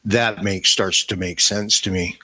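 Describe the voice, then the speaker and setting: A man's voice: low voice, fairly even intonation, a little slow, pushed and bright. A man as a podcast guest, speaking reflectively about faith and thinking aloud as he goes. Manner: reflective, thinks aloud with restarts and "you know". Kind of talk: casual faith conversation.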